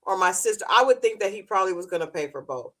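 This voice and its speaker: A woman co-hosting a podcast, reacting and offering measured opinions in casual chat. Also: mid-range voice, animated, bright, forceful tone. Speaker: podcast co-host.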